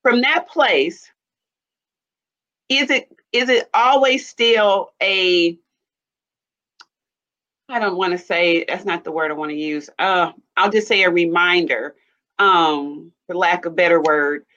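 A woman hosting an interview, asking questions haltingly and searching for the right words. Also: lowish voice, fairly bright tone. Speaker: interview host. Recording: dull lo-fi sound.

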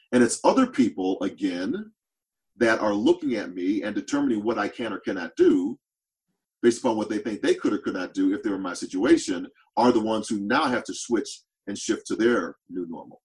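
Earnest, low-voiced man as a podcast guest. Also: lively intonation, fairly quick, darkish tone, rough recording. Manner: earnest, repeats words while thinking aloud. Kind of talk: reflective interview talk.

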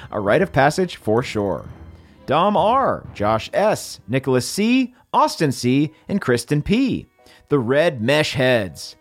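A man hosting, reading a comic list of patron credits with dry one-word asides. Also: fairly high pitch. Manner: wry, deadpan one-word asides after each entry. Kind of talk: comedic scripted credits reading.

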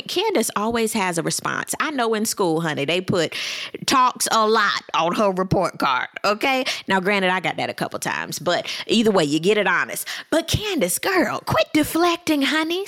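A sassy woman vlogger breaks down a reality show reunion in a casual, chatty way. Her pitch swoops up and down as she talks, and she keeps calling her viewers girl and honey. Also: very animated, normal speed, a bit bright. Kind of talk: casual commentary to camera.

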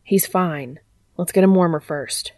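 A woman reading aloud, voicing an anxious young man who speaks quietly and in a hurry. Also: fairly low pitch, measured pace, no echo, lightly acted. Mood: gentle. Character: anxious young man caring for his friend.

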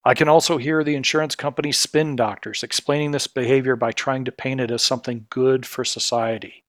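A man's voice: mid-range voice, steady tone, a little fast, hardly any pauses, fairly bright tone, dry recording. Indignant middle-aged man, dry close mic. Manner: earnest and indignant, building to pointed outrage. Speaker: podcast host, healthcare consultancy CEO. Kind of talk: scripted spoken commentary.

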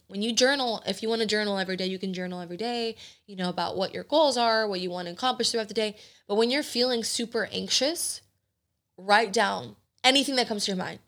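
A woman's voice: mid-range voice, a bit bright. A woman in her late twenties hosting a podcast, talking candidly and with emotion, swearing casually. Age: 20s. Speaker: podcast host. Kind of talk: candid personal talk.

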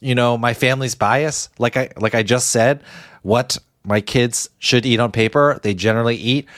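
A man's voice: on the low side, dry recording, studio quality. A middle-aged man co-hosting a podcast, chatting casually with fillers and self-deprecating asides. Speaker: podcast co-host. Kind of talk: casual chat.

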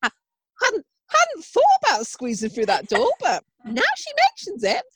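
A woman's voice: high voice, wildly swooping pitch, moderate pace, fairly bright tone, breathy edge, no room sound, exaggerated voice, low-quality recording. A woman voicing a male cob horse who muses slyly about squeezing through a door. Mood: scheming. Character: greedy cob horse, male, plotting an escape.

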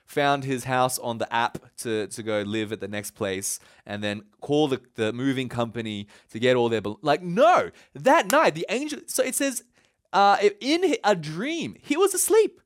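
A man preaching a casual, lively sermon, telling a Bible story with enthusiasm. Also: mid-range voice, a little slow. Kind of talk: conversational sermon.

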